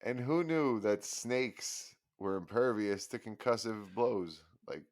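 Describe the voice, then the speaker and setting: Lively, wry man cracking jokes. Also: lowish voice, takes it slowly. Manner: wry, sarcastic quips. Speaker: podcast co-host. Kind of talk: casual chat.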